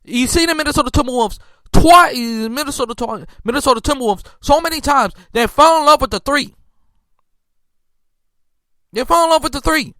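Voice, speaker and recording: Man, sports rant, high bright voice, heated, stumbling restarts, dry close sound. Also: normal speed, pauses often, no room sound. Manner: heated, repetitive restarts, incredulous outbursts. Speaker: sports podcast host. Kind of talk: casual sports commentary.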